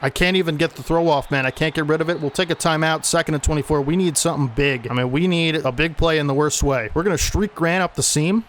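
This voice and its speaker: Man, slightly high voice, casual play-by-play of his own football video game, sportscaster style, exasperated at bad plays. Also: quick pace, hardly any pauses, a bit bright, slight background noise. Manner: exasperated when plays go wrong. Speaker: gaming YouTuber.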